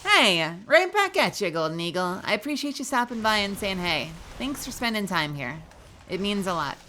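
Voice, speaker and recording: A young woman talks casually to her viewers over a desk microphone while she plays, sleepy but still sociable. Her voice is bright and tense at the top, and her pitch jumps around freely from phrase to phrase. She sounds loose and unscripted. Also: lively intonation, moderate pace, a little hiss or hum. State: sleepy, yawning. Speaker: live game streamer. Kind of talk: casual gaming chat.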